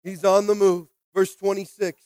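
A man preaching a sermon as pastor, repeating short phrases and calling for responses, swinging from quiet reading to loud exhortation. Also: high-pitched, level tone, moderate pace, smooth, dry recording. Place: church sanctuary.

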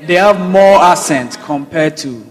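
A man's voice: on the high side, a little slow, in a large hall. A man speaking up in a church service, hesitating as he searches for his words.

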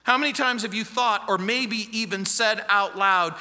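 A man's voice: sits high, normal speed, hardly any pauses, sharp tone, in a large hall. A man preaching a sermon as pastor, emphatic and fond of repeating key phrases. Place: church.

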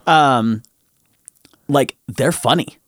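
A man's voice: medium pitch, extremely slow, fairly bright tone, dry recording, studio quality. A young man in casual chat, rambling with lots of fillers and the odd swear.

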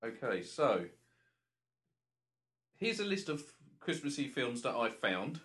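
A man's voice: medium pitch, very animated, slow pace, a bit bright. A man co-hosting a podcast, chatting casually in a jokey, rambling way. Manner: jokey, rambling, slips into silly voices. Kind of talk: casual chat.

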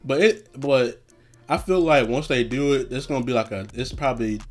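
A man's voice: medium pitch, moderate pace, soft background music. A young man hosting a casual solo podcast, talking in a laid-back, profane way and laughing often. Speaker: podcast host.

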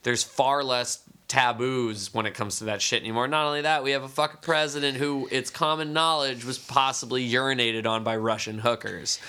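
A man's voice: mid-range voice, fairly even intonation, moderate pace, few pauses, pushed and bright, smooth. A man in his thirties co-hosting a casual podcast chat, telling stories with plenty of profanity. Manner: profane, storytelling. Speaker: podcast co-host.

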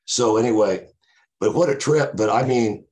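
A man's voice: medium pitch, moderate pace, a little mellow. A man in his sixties, a podcast guest, telling a long story casually and ramblingly with many asides.

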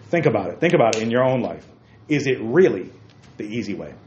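A man's voice: lowish voice, very animated, quick pace, darkish tone. A man preaching a sermon to a room of young men, emphatic, repeating key phrases and calling listeners by name. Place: church room with a group. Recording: roomy, dull lo-fi recording with faint noise.

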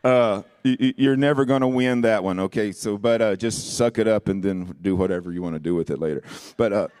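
A male pastor preaching with impassioned, sing-song delivery, swinging between shouted lines and quiet personal asides. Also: on the low side, brisk, clear, resonant tone, no echo. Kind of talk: sermon. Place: church.

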